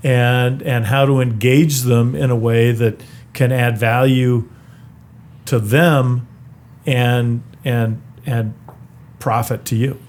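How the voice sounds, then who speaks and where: Middle-aged guy being interviewed, repeats himself a lot, ordinary pitch. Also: flat delivery, darkish tone, a little hiss or hum. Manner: halting, repeats words while thinking. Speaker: guest, brewery founder. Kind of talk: conversational interview.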